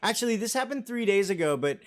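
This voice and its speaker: A man's voice: sits high, expressive, fast. A man in his thirties hosting a live stream, chatting casually and rambling as he reads viewer comments and jokes about himself. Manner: self-deprecating and joking.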